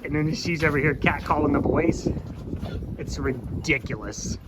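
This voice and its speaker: A man's voice: fairly high pitch, measured pace, heavy background noise. A farmer vlogging in a goat barn, chatting playfully and cooing baby talk at his goats. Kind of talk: casual vlog chat with farm animals.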